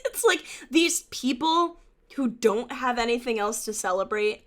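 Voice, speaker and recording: A woman's voice: on the high side, lively intonation, unhurried, fairly bright tone. A woman co-hosting a podcast in a chatty, giggly casual conversation. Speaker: podcast co-host. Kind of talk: casual chat.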